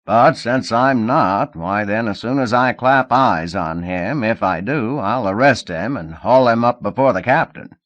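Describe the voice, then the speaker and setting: A man voicing a gruff, gossipy male police sergeant who speaks loudly and drags out his lines. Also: on the low side, no echo, highs cut off, voice pushed up. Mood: musing. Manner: loud, folksy, drawn-out lines.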